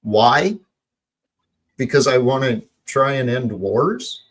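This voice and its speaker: A man hosting a livestream panel, talking slowly and pleading for calm in a heated chat. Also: mid-range voice, low-quality recording.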